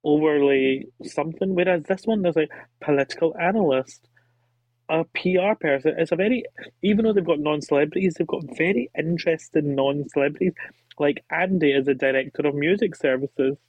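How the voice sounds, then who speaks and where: Animated higher-voiced man on a dull mic. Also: a little fast, no echo. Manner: animated, gushing, quotes himself with little gasps. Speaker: podcast guest. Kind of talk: casual chat.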